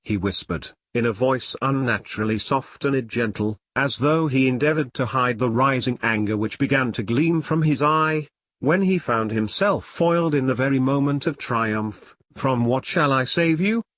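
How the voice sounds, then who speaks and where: A male narrator reads an old melodrama aloud in a steady, measured voice. His pitch sits in the middle, and the sound is close and dry with no room echo. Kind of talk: dramatic audiobook reading of an old novel.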